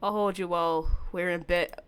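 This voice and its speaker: A woman voicing a soft-spoken, obsessive young man from a game, reading his lines aloud in a low, hushed, coaxing delivery. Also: steady tone, normal speed, clear, resonant tone, close to an everyday voice. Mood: menacing.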